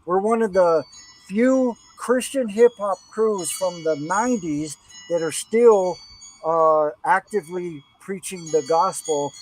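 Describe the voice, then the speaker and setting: A man's voice: high voice, a little slow, rough recording. A middle-aged man hosting a casual podcast about song lyrics, talking with rambling enthusiasm and slipping into preachy asides. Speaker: podcast host and producer.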